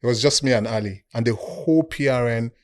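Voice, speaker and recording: Animated Nigerian man telling a story. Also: mid-range voice, brisk. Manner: animated storyteller who acts out the people he quotes. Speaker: podcast guest. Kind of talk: casual storytelling.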